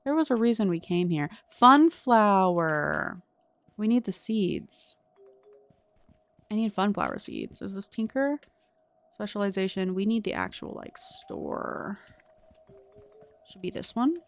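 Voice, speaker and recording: A woman's voice: medium pitch, wildly swooping pitch, measured pace, gravelly, pauses often, darkish tone. A young woman streaming a cozy game, chatting with viewers and thinking aloud in a curious, talkative way. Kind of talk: casual gameplay commentary.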